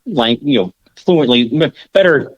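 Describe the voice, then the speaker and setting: A man's voice: medium pitch, animated, measured pace, no room sound, dull audio. An American man co-hosting a podcast in casual chat, rambling and correcting himself with lots of filler. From United States. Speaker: podcast co-host.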